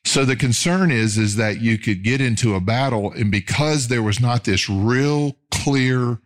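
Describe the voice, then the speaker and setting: A middle-aged male pastor preaching a sermon in an earnest, measured way, slowing down to stress key phrases. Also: mid-range voice.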